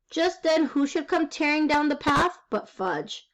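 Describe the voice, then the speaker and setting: At a measured pace and in a high voice, a reader voices a kid's first-person chapter-book tale with wry liveliness. The audio is poor.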